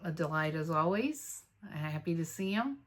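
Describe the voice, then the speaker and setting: This North Texas woman speaks low and animated at a normal pace, chatting casually on camera for her Flosstube stitching vlog. She wanders through her updates with plenty of fillers, sounding warm whenever friends come up.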